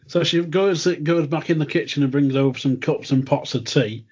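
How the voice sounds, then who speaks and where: A man recaps a show in casual chat, walking through the scenes step by step. His voice is husky and fairly high. The audio is dull and lo-fi. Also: normal speed, darkish tone.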